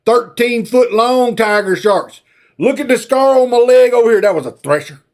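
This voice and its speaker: A man's voice: extremely high pitch, animated, moderate pace. A man, retelling a movie plot as a rambling, folksy comic story. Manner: rambling, folksy, drawling asides.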